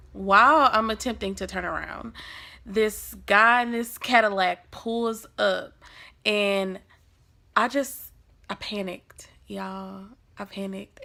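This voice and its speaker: Young woman vlogger, animated storyteller, bright voice with some fry. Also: medium pitch. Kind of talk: storytime vlog.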